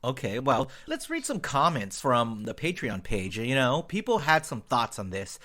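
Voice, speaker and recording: A man's voice: medium pitch, huge pitch swings, normal speed, pushed and bright. A man hosting a podcast in casual chat, teasing his guests with jokes. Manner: joking, teasing. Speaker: podcast host.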